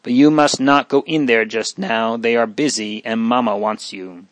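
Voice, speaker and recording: A man reading a gentle, protective teenage boy. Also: medium pitch, fairly even intonation, moderate pace, no echo, close to an everyday voice.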